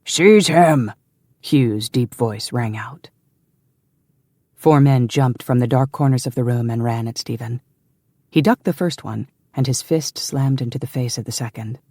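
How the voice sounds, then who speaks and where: Gravelly male audiobook narrator. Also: medium pitch, warm tone, dry recording. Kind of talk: scripted narration.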